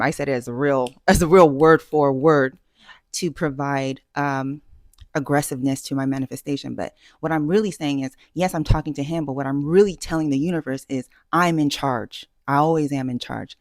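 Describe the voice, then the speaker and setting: A woman's voice: deep voice, brisk, dry recording, clean studio sound. A woman vlogger giving dating advice in a casual, self-assured way, emphatic and full of fillers and restarts. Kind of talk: casual talking-head advice.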